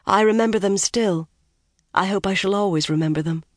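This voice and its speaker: A gracious young noblewoman, voiced by an audiobook reader speaks smoothly and flatteringly, sweet as honey and a little higher than the reader. The reading is close and dry. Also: fairly quick, no echo, close to an everyday voice.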